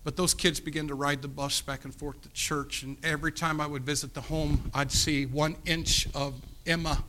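A man preaching, telling a personal story in a sermon, earnest and pleading, his voice swinging from loud to hushed. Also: fairly high pitch, little pitch movement, moderate pace. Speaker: pastor.

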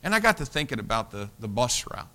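A pastor telling a story in a sermon, folksy, repeating his words and swinging from loud emphasis to hushed tones. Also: mid-range voice, sing-song, fast.

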